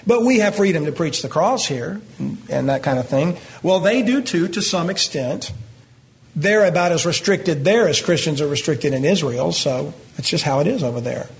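A man's voice: a little high, expressive, moderate pace, gravelly. A middle-aged man, teaching a Bible passage verse by verse in a folksy, conversational way and talking directly to his congregation. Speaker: pastor.

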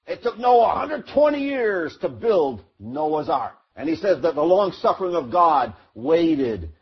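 High, husky-voiced man preaching. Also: big pitch swings, a little slow, highs cut off. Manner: storytelling, acts out the crowd and Noah, rising to shouts. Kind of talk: sermon.

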